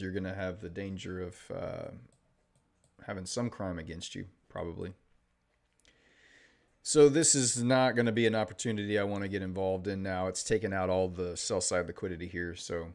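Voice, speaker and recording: A man with a very low voice talks through a live trading session. He's offhand and unhurried, thinking aloud as he points out setups on the charts. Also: steady tone, darkish tone. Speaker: trading livestream host. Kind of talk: casual live-stream commentary.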